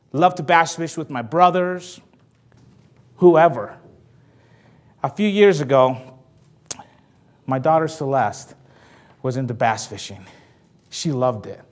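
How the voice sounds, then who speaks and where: A man giving a motivational talk to an audience, telling stories in a lively, jokey way. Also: fairly high pitch. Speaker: motivational speaker.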